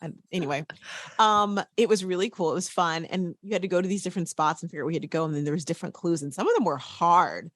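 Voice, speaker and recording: A woman's voice: on the low side, quick pace, fairly bright tone, no echo. Giggly rambling woman host, dry mic. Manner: giggly, rambling, says y'all. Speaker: podcast host. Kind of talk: casual chat.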